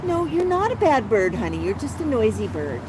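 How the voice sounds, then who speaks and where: A woman hosting a live stream from her patio, gently soothing her pet bird as if talking to a small child. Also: fairly high pitch, sing-song, fairly quick. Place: outdoor patio by a street. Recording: outdoor street traffic noise.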